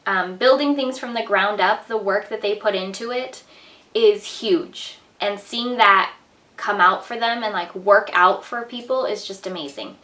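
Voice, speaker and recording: A woman's voice: medium pitch, measured pace, pushed and bright. A young woman vlogger talking casually to the camera, chatty and full of "like" and "um". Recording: echoey room, mic at a distance.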